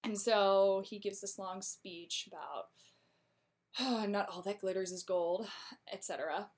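A woman casually recapping a plot in a chatty, slangy way, with quick laughs. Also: mid-range voice, darkish tone.

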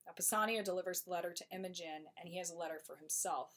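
A woman's voice: lowish voice, fairly bright tone. Woman, podcast co-host, chatty, slangy, casual comic summary. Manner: chatty, slangy, quick asides.

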